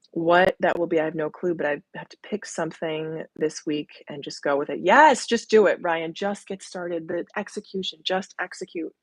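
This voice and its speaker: A woman's voice: sits low, breathy edge, no room sound. A young adult woman hosting a casual live stream from home, chatting and reading viewer comments aloud.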